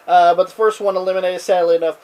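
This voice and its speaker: A man's voice: high-pitched, fairly even intonation, quick pace, a little mellow. A man co-hosting a casual wrestling review, laid-back and laughing often, keeping the rundown on track. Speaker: podcast co-host.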